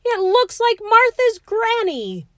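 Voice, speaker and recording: Woman voicing a panicky storybook man, melodramatic, high and very lively. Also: a little slow, no room sound, studio quality. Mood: wailing. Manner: dramatic, gasping and wailing. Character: anxious fretful man losing his teeth.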